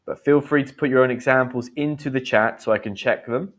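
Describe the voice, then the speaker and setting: A man in his thirties runs a live English lesson on slang. He talks in a chatty way, explaining each word with quick examples and short acted lines, in an even middle voice. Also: medium pitch. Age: 30s. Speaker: English teacher.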